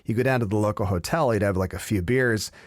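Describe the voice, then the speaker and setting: A man with a fairly low voice answers questions as an interview guest. He rambles through his stories in a chatty, anecdotal way. The sound is dry and close, with no room around it. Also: quick pace, dry recording. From Canada. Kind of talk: casual interview chat.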